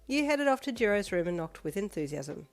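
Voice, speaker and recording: A woman reading a second-person fanfiction story aloud in a steady, even manner. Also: medium pitch, brisk. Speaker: fanfiction reader. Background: faint backing music.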